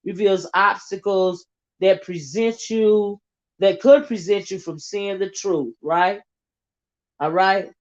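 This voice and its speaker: A woman's voice: mid-range voice, slow pace, darkish tone. A woman with a Southern American accent talks through a casual livestream and reads out comments as she goes. She rambles, circles back and fills gaps with ums and you-knows. Her voice sits in a middle range, and the sound is dull and lo-fi. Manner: rambling, many fillers and restarts, Southern Black American vernacular turns. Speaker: livestream host reading comments.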